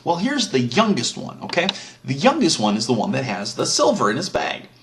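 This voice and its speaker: A man's voice: mid-range voice, wildly swooping pitch, brisk, fairly bright tone, slight background noise. A man telling an old story as a casual, crude comedic retelling, full of swearing and asides. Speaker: comic storyteller.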